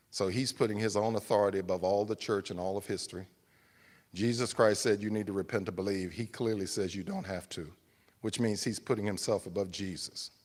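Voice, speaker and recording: A man preaching a sermon, emphatic and rhetorical, swinging between loud appeals and hushed explanation. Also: fairly low pitch, long reverb tail.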